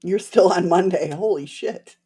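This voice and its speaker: A woman's voice: on the low side, a little slow, dark tone, husky. A woman with a slight lisp, hosting a livestream and chatting casually with her viewers in a rambling, laughing way. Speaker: livestream host.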